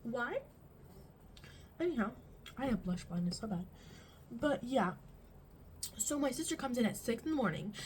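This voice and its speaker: A teenage girl talks through her makeup in a high, bright voice, rambling from one story to the next with lots of "like"s. She sounds close to a phone mic in her bedroom, with a faint hum of room ambience behind her. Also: low-quality recording. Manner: rambling, animated storytelling with frequent fillers. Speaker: vlogger. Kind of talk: get-ready-with-me chat.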